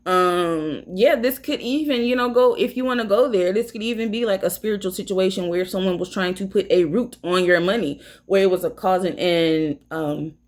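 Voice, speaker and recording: A woman's voice: medium pitch, moderate pace, few pauses. A woman giving a casual tarot reading, blunt and profane, rambling as she talks. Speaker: tarot reader.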